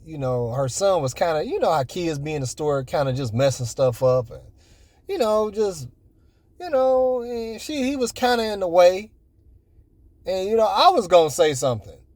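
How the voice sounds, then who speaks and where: A man in his forties tells stories casually and rambles, leaning on "you know" fillers. His voice sits fairly high and sounds mellow rather than bright. The recording is close and dry. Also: no echo. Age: 40s. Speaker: vlogger. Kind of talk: casual storytelling.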